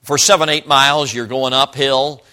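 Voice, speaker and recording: Bright-voiced folksy evangelist preacher. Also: male voice, mid-range voice, steady tone, normal speed. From Chicago. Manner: folksy, chatty, jokes with the congregation. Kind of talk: sermon. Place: church service.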